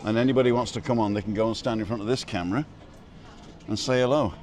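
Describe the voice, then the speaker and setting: Middle-aged male stream host, lowish voice, loose jokey chat on a wireless mic outdoors. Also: fairly even intonation, fast talker, darkish tone. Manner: chatty, reads out viewer comments, jokey. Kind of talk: casual live-stream chat. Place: restaurant terrace outdoors. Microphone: wireless microphone.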